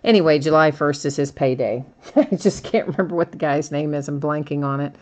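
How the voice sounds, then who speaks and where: Chatty low-voiced woman hosting a card break. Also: a little fast, darkish tone. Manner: chatty, laughs often, reads out cards and chat. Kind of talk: live stream card break commentary.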